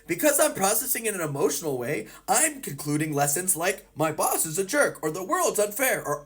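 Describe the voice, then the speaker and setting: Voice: mid-range voice, a bit bright. A therapist explaining a psychology topic with everyday examples, acting out the thoughts of the people in them. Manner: acts out people's inner thoughts. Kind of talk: educational explainer video.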